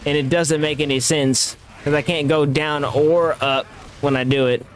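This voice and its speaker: A man's voice: a little high, fairly even intonation, normal speed, a little hiss or hum. A man giving live gameplay commentary as a streamer, talking back at the game with profane, reactive trash talk.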